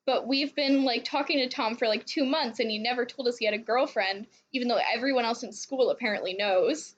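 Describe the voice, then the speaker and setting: Young woman host, high voice, chatty, swears freely, rambling recap. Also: fairly quick, dull audio, slight background noise. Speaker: let's play host. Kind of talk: casual game recap chat.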